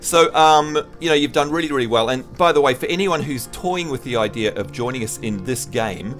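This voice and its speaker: A man's voice: mid-range voice, animated, fairly quick, fairly bright tone, faint music behind. A man from New Zealand chatting casually and teasing friends while streaming a game. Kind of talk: casual live-stream chat.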